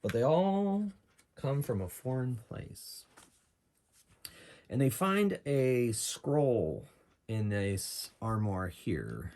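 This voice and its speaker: A man's voice: medium pitch, very animated, extremely slow, darkish tone. A man running and narrating his own solo tabletop game, chatting and thinking aloud about rules and dice rolls.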